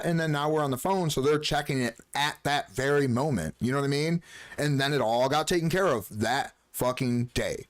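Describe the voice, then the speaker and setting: A man live-streaming a game, talking casually and ranting heatedly with lots of swearing, sometimes mocking others in a shrill voice. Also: a little fast.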